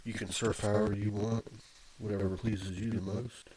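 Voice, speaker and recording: A man's voice: fairly low pitch, level tone, moderate pace, a little mellow, slight background noise. A man casually narrating his own screen recording into a desk microphone, rambling with fillers and restarts. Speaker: video blogger. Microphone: plugged-in desk microphone.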